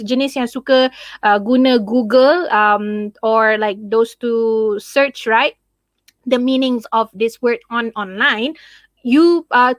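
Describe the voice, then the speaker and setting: A young woman with a Malaysian accent teaches English grammar in a live online class. Her voice sits high, and the recording is dry and close. She slips Malay words into her English and pads her talk with fillers. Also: a bit bright, no echo. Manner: mixes Malay into English explanations, many fillers.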